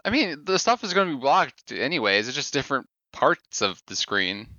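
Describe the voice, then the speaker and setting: A man's voice: mid-range voice, very animated, moderate pace, pushed and bright. A man co-hosting a casual gaming podcast with dry, teasing remarks. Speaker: podcast co-host. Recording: dull lo-fi mic.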